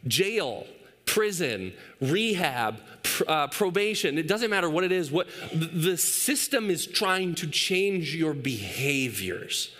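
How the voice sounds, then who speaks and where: Bright, upbeat man preaching. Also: on the high side, lively intonation, slow pace. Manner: storytelling with playful acted quotes of his toddler. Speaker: pastor. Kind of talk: sermon with personal stories. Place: church stage.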